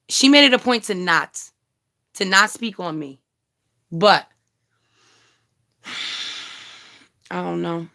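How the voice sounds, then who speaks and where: A woman YouTube commentary vlogger rants bluntly and heatedly on a casual live stream, swearing freely and chatting straight to her viewers. Her mid-range voice is slow and sharp-toned, with vocal fry and frequent pauses.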